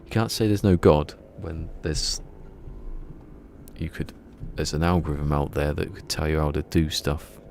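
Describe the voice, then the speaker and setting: Deep, gravelly man rambling on stream. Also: a little slow, a little mellow, a little hiss or hum. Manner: rambling, chatty, laughs at his own jokes. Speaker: game streamer. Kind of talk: casual live-stream chat.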